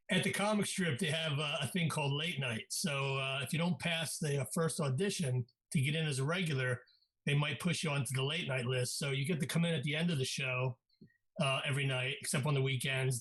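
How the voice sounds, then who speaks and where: A man's voice: on the high side, a bit bright. A male comedian telling loose anecdotes over a video call. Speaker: comedian guest.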